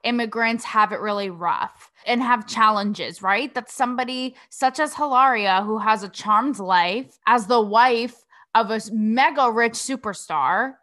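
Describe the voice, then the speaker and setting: A bright, tense-sounding young woman from Connecticut runs a casual commentary podcast. She talks bluntly and sassily, swears freely and fires off rhetorical questions, and her voice sits a little high for a woman. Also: measured pace. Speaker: podcast host.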